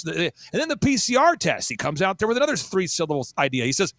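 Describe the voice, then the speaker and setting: High, lively, gravelly-voiced man telling stories. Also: no room sound. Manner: energetic, mocking, with quick asides. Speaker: guest. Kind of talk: animated storytelling in casual chat.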